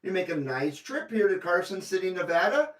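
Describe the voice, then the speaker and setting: A man's voice: sits high, big pitch swings, fairly quick. A man running a CB radio livestream, greeting callers by number in a friendly, rambling way. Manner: friendly, repeats call numbers, rambling asides. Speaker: CB radio operator hosting a livestream. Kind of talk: casual radio call-outs and chat. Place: radio station room in Carson City, Nevada. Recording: roomy, distant mic, faint noise.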